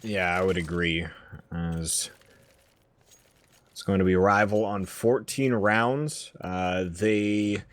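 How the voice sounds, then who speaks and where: A man giving measured play-by-play commentary on a competitive match, with a wry edge. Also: low-pitched, dry recording. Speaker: esports caster.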